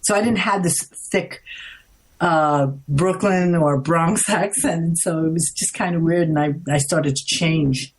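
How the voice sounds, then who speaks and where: A woman's voice: unhurried, a little hiss or hum. A woman with a New York accent, a guest in an interview, telling her stories in a chatty way and acting out what people said. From United States. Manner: chatty, acts out quoted lines with lively pitch jumps. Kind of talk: casual interview storytelling.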